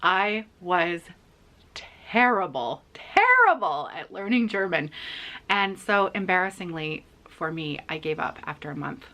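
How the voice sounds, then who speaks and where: Chatty, bright-voiced woman vlogger. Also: lowish voice, very animated, a little slow. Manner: chatty, self-deprecating, many restarts and fillers. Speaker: cross-stitch vlogger. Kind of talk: casual chat to camera.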